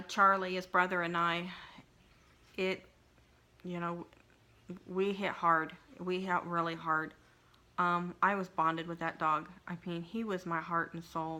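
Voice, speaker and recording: A middle-aged woman vlogger telling a personal story in an emotional, halting way, with frequent restarts and pauses. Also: lowish voice, sharp tone. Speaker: craft vlogger.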